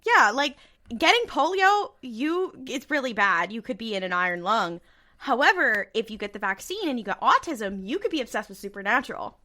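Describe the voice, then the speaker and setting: Young woman podcast co-host, bright, slightly high voice, rambling chatty recap with frequent laughs. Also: big pitch swings, normal speed. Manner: rambling, laughs often, acts out quotes. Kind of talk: casual chat recapping a TV episode.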